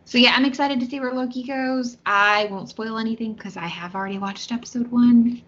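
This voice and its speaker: A woman's voice: fairly high pitch, a little fast, a bit bright. Chatty Southern American woman podcaster. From Southern United States. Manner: chatty, many fillers and restarts. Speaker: podcast co-host. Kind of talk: casual chat. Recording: slightly dull lo-fi audio.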